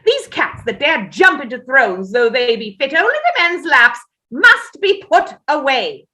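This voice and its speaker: A woman's voice: sits high, sing-song, measured pace, sharp tone, heavily acted. A woman reading the part of an imperious, sleepwalking Tudor queen in a staged play reading, declaiming with haughty command. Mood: sleepwalking raving.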